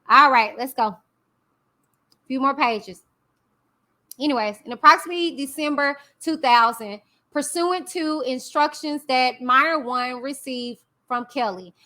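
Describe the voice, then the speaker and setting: A woman's voice: high voice, bright, forceful tone. A woman reading a court document aloud on a casual live stream, breaking off to chat with viewers and hum her reactions. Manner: chatty, reacts with drawn-out hums.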